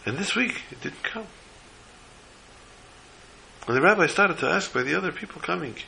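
A man's voice: fairly high pitch, moderate pace, gravelly, a little hiss or hum, rough recording. A man telling a religious story as a sermon, acting out the characters' voices with feeling. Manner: animated storyteller voicing characters.

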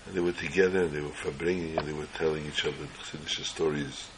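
A man telling an inspirational religious story slowly, in short measured phrases. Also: a bass voice, steady tone, background noise.

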